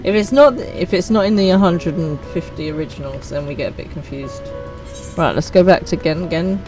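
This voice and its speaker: Speaking at a moderate pace in a lowish voice, this woman chats through a game stream and teases herself along the way. Music plays underneath, and the recording quality is low.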